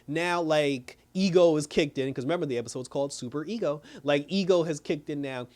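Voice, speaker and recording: A man's voice: on the high side, moderate pace, hardly any pauses, darkish tone. A man casually recapping a TV episode as a reviewer, rambling loosely and laughing often as he retells scenes. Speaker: TV show reviewer.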